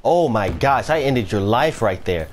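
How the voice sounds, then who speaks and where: A man's voice: medium pitch, very animated, unhurried, noisy background. Foul-mouthed man trash-talking over gameplay. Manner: profane trash-talking, ranting at teammates. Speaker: gamer. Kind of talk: live gameplay commentary.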